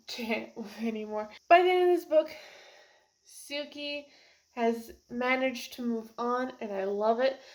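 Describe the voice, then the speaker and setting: A young woman talking casually about a book she just finished, emotional and rambling, laughing and close to tears. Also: a little high. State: teary. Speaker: book reviewer. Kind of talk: casual book review vlog.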